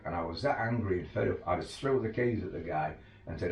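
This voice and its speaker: A man's voice: deep voice, fast. A man who works as an overland tour guide, casually telling stories and laughing through them. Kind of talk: casual anecdotal storytelling. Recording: roomy, distant mic, faint ambience.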